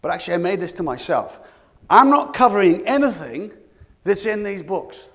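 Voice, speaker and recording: Lively high-voiced British man, reverberant hall. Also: normal speed. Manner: animated, asks the audience questions, acts out quotes. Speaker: leadership coaching speaker. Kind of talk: keynote talk to a live audience. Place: conference room with an audience.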